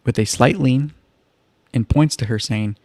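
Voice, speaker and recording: At a measured pace and medium pitch, a man recaps a reality show on a casual livestream, with no room sound. He keeps things chatty and loose, relaxed in his storytelling, dropping wry asides and plenty of "like" and "kind of."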